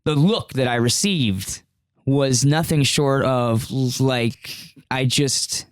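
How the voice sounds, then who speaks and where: A man's voice: mid-range voice, slow, clean tone, no echo, studio quality. A young man telling a party story in casual chat, rambling and profane, full of fillers. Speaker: podcast guest.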